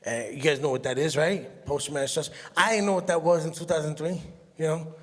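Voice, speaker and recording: A man, doing an animated, self-mocking stand-up comedy set and laughing at his own jokes. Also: fairly high pitch, brisk. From Brooklyn, New York. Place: large hall on stage. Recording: echoey hall sound.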